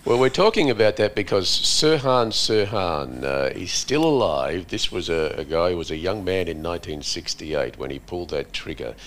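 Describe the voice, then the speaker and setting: Man, host, very deep voice, lively pitch, hesitant questions. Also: normal speed, hardly any pauses, a little hiss or hum. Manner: hesitant questions, many fillers. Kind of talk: casual radio conversation.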